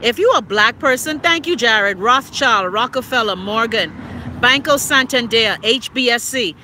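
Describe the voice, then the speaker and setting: Woman, Bahamian accent, outspoken live-stream host, blunt and profane, bright tone, faint traffic noise outside. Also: a little high, expressive, normal speed. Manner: blunt, profane, answers viewer comments by name. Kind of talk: casual political commentary to viewers. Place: outdoors near trees and traffic.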